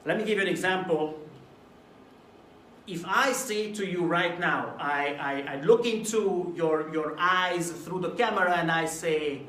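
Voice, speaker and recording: A man from Hungary giving a recorded video talk to camera about presentation delivery, lively and at times acting out a dull, mumbled way of speaking as a contrast. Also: on the high side, a little slow, reverberant, far from the mic, a little hiss or hum. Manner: animated, demonstrates flat and mumbled delivery as examples. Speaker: presentation coach.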